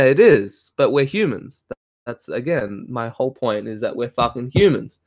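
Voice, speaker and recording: A man's voice: mid-range voice, lively intonation, moderate pace, dry recording, clean studio sound. A man ranting heatedly in casual talk, swearing and laughing as he reads and answers comments. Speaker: spiritual talk host reading chat.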